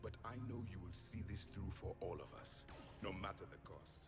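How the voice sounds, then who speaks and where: Actor playing solemn alien soldier, Nigerian accent, low voice, formal, game, loud music behind. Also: male voice, natural voice. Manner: grave, formal, measured. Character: grim ancient male alien soldier, solemn.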